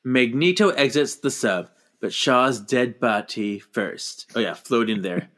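A man's voice: medium pitch, animated, measured pace, a bit bright. A man co-hosting a movie podcast, recapping scenes in casual chat and mocking the characters as he goes. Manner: retells scenes with mocking voices and laughs. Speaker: podcast co-host.

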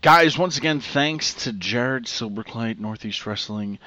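A man co-hosting a podcast, reacting with quick jokes in casual chat. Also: medium pitch, highs cut off, music in the background.

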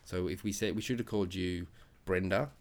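A man's voice: low voice, fairly even intonation, fairly quick, a little mellow, slight background noise. A man co-hosting a casual family podcast, playful and joking.

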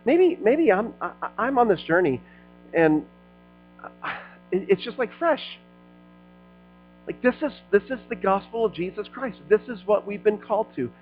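A middle-aged man preaching a sermon as a pastor, talking to the crowd like friends and swelling into loud passionate stretches. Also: high voice, expressive, measured pace, pauses often, narrow, tinny audio, faint music behind. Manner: conversational preaching, rising to loud passionate peaks.

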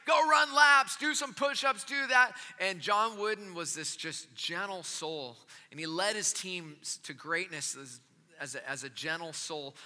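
A man preaching a sermon as he tells a story, animated and then softly gentle. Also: on the high side, in a large hall. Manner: animated, drops to soft gentle tones. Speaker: pastor.

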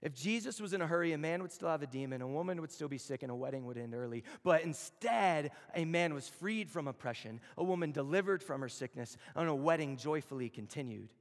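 A man's voice: fairly high pitch, animated. A man in his thirties preaching a conversational, storytelling sermon to a room of students. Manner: storytelling, conversational, with slow emphatic phrases. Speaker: campus chapel speaker. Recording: long hall reverb.

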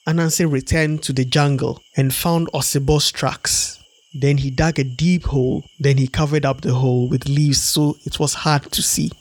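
Slightly high-voiced male storyteller. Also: steady tone, moderate pace, no echo. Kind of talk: storybook read-aloud.

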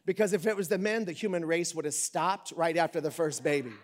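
A middle-aged preacher with a drawl and a notably high-pitched voice. He keeps his sermon casual and jokey, then suddenly swings into loud bursts before dropping back down. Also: a little fast. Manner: conversational and joking, with big dynamic swings. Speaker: pastor.

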